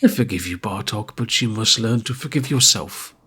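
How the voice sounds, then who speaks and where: A man's voice: fairly low pitch, moderate pace, pushed and bright, breathy edge. A man running a tabletop game, voicing a cheeky, bawdy priest in a mock-solemn, teasing way. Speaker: game master. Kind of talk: in-character tabletop role-play.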